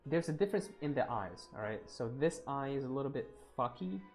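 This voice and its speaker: A man's voice: medium pitch, expressive, a little fast. Chatty young man streaming while drawing. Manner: chatty, laughs often, thinks aloud while working; reads and answers live chat. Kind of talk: casual livestream chat. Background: faint background music.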